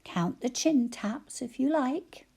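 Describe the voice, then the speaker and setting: A woman teacher slowly sounding out letters and syllables for young children in a phonics lesson, praising them cheerfully. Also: high-pitched, expressive, creaky, dark tone, husky. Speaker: primary school teacher.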